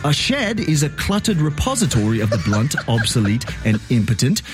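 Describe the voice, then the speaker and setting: A man's voice: medium pitch, sing-song, moderate pace, soft background music, close to an everyday voice. A man doing an impression of a haughty older British king with a posh British accent, pompous and condescending.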